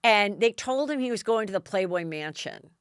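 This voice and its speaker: A woman hosting a casual gossip podcast in Los Angeles tells stories in a chatty, expressive way at normal speed, acting out other people's lines with big pitch jumps. Her tone is clean, with no echo and studio-quality sound.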